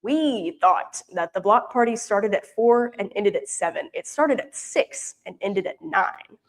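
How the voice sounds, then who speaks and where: A woman's voice: medium pitch, expressive, a little slow. Chatty young woman from Louisiana. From Louisiana, US South. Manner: chatty and rambling, many fillers and restarts. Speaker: mission intern giving a report. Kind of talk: casual storytelling talk. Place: church prayer meeting, showing pictures.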